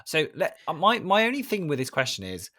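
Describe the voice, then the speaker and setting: A man co-hosting a film podcast, chatting casually and opinionated with quick asides. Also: a little high, huge pitch swings, sharp tone, no echo, clean studio sound. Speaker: podcast co-host. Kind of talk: casual film review chat.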